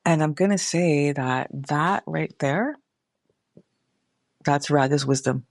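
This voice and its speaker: A woman's voice: low-pitched, takes it slowly, no room sound, clean studio sound. A middle-aged woman hosting her own podcast, talking candidly and casually, swearing freely and calling her listeners y'all. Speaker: podcast host. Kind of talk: casual reflective monologue.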